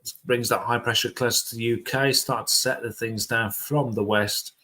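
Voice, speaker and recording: A laid-back man talks through weather charts on a home live stream. His pitch sits in a middle range, and his delivery is relaxed and chatty, like an amateur forecaster among friends. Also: moderate pace.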